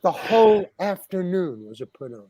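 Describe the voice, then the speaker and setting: An older man, a podcast guest, telling a rambling, animated anecdote full of "you know" and acted-out voices. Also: high voice, normal speed, crowd noise. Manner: animated, acts out other people's voices, many fillers.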